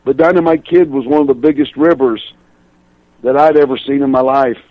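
A man's voice: mid-range voice, fairly even intonation, fairly quick, dry recording, muffled recording. A man in his sixties, a professional wrestler as a radio guest, telling chatty road stories and laughing through them. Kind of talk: radio interview storytelling.

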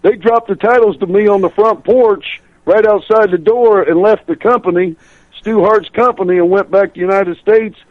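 An older man spinning chatty stories as a radio guest, laughing as he goes. His voice sits a little high for a man. The line sounds dull and muffled, dry and close. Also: normal speed, no echo. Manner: chatty storyteller, laughs through his tales. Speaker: guest, professional wrestler. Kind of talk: radio interview storytelling.

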